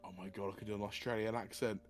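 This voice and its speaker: A man's voice: fairly low pitch, steady tone, rapid-fire. A man co-streaming a visual novel, bantering playfully and laughing often. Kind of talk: casual gaming chat. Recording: faint background music.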